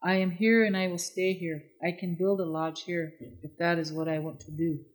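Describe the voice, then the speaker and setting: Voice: medium pitch, little pitch movement, normal speed, close to an everyday voice, poor audio. Narrator doing sad lonely young woman, plaintive, storybook. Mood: resolute. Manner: sorrowful, plaintive. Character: grieving lonely young woman, last of her people.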